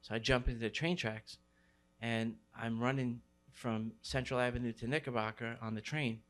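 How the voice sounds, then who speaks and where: A man's voice: medium pitch, steady tone, moderate pace, fairly bright tone. New man telling a street story. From New York City. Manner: street slang, many fillers. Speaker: graffiti writer. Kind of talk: storytelling interview.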